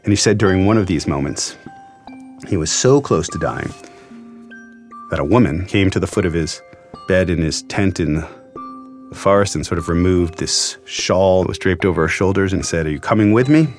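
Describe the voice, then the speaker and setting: Low-voiced male journalist, earnest and reflective storyteller, soft music under him. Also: normal speed. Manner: earnest, reflective, emotional retelling. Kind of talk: storytelling interview.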